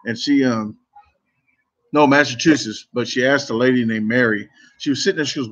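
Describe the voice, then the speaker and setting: Brief: man, mid-pitch voice, casual live stream chat, rambling stories, muffled lo-fi audio. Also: a little fast, a bit bright. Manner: rambling, self-interrupting storytelling. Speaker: competitive eater streamer.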